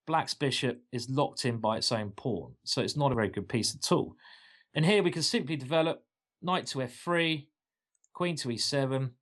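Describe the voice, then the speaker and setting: An enthusiastic man gives a chess lesson, stepping through moves with a playful eagerness. His voice sits at an ordinary middle pitch, and he sounds like he enjoys the wild lines he is showing. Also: normal speed, fairly bright tone. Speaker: chess coach.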